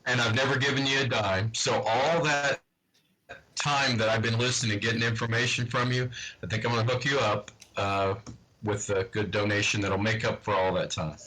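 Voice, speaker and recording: A man's voice: fairly low pitch, flat delivery, moderate pace, sharp tone, rough recording. A man calling in to a stream as a longtime listener, talking casually in a hesitant, rambling way with many restarts. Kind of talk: casual chat.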